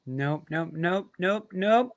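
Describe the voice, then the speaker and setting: A man's voice: sits high, animated, takes it slowly. An American man hosting casual trivia banter, jokey and swearing, laughing as he talks. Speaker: host.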